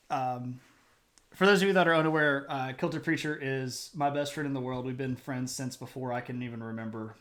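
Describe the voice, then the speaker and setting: A man hosting a history live stream, chatting casually with many fillers and laughs. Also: fairly bright tone. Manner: high sing-song voice talking to his puppy. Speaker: livestream history show host. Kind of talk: casual livestream chat.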